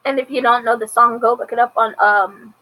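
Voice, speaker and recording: A woman's voice: a little high, fairly even intonation, a little fast, pushed and bright, low-quality recording. A woman reviewing a TV episode in casual commentary, retelling it chattily and acting out the characters' lines. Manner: chatty retelling with acted-out quotes.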